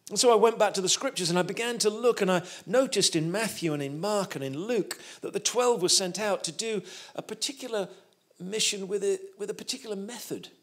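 A man's voice: sits high, a little fast, hardly any pauses, fairly bright tone. A man, a guest preacher telling a humorous story in a sermon.

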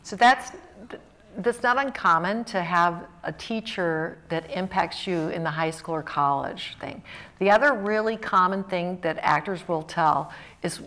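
A woman's voice: lowish voice, measured pace, sharp tone. A woman in her sixties from Mississippi, telling stories animatedly on a college panel and acting out the voices in them. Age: 60s. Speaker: actress on a panel. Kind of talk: anecdotal storytelling. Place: college event hall.

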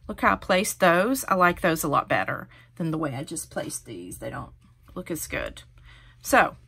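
A woman's voice: on the low side, pushed and bright, breathy edge. Host, female, middle-aged: chatty, encouraging craft demonstrator, step-by-step delivery.

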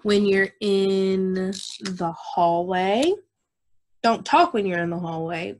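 Lady music teacher, talks real slow to little kids, keeps saying okay. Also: medium pitch, animated, creaky. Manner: slow, patient, repeats herself and checks with "okay?"; demonstrates whispering and shouting voices. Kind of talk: recorded lesson for young children.

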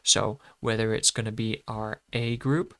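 Slow, bright-voiced man teaching. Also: fairly low pitch, flat delivery, creaky. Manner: patient, breaks words into sounds, self-correcting. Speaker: shorthand teacher. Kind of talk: explaining a lesson.

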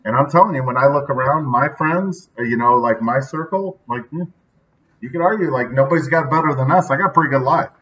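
A man's voice: medium pitch, brisk, a bit bright, recorded from a distance. A man hosting a casual daily motivational podcast, talking in an upbeat, chatty way with lots of filler asides. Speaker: podcast host. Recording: dull sound from slightly off mic.

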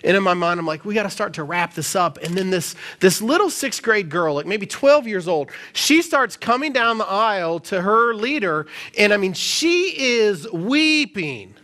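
A male pastor preaching a sermon in a live church service, telling a story in a conversational, animated way with casual fillers. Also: sits high, unhurried, hardly any pauses.

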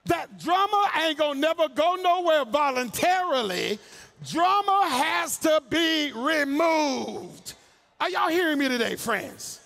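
A man pastor preaching a sermon, slangy, acting out the voices of Bible characters, rising into shouts and sung cadences. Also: very high voice, very animated, takes it slowly, vocal fry. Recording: long hall reverb.

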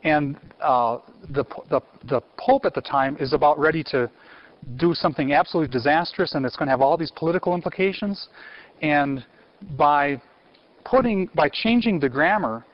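A man giving a university theology lecture in an animated way, quizzing his audience and restarting phrases. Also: on the high side, moderate pace. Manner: animated, asks the audience questions, frequent restarts. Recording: muffled lecture recording.

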